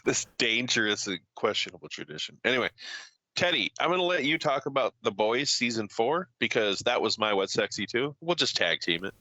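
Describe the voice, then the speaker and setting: A man co-hosting a podcast, teasing and swearing in quick interjections. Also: medium pitch, sing-song, bright, forceful tone, dry recording. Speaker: podcast co-host. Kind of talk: casual podcast banter.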